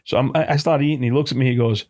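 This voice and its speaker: A middle-aged man, talking quickly and telling a story. He acts out what other people said and swears without a second thought, in a voice of ordinary pitch. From New Jersey. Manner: animated storyteller, acts out dialogue, swears casually. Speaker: deli owner, guest. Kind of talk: casual storytelling chat.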